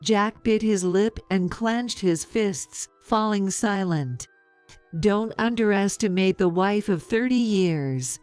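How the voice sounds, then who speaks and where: A woman in her fifties narrating a story in a calm, measured, sarcastic way. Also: mid-range voice, clear, resonant tone, no echo, faint music behind.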